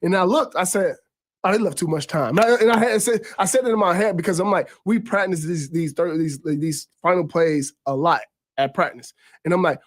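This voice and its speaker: A man in his thirties with a somewhat high voice tells old game stories as a radio guest. He talks in an animated, loose way, stacking repeated words as he goes, and his pitch leaps up whenever he acts out what a teammate said. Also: brisk. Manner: animated, pitch jumps high when quoting others; repeats words while gathering thoughts. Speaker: former quarterback guest. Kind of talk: casual sports talk storytelling.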